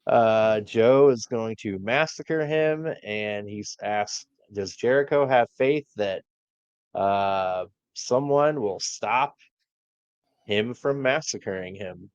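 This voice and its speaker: A man's voice: fairly low pitch, slow, smooth, no echo. A man co-hosting a wrestling podcast, recapping matches in a laid-back way with many fillers. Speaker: podcast co-host. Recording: dull lo-fi dry sound.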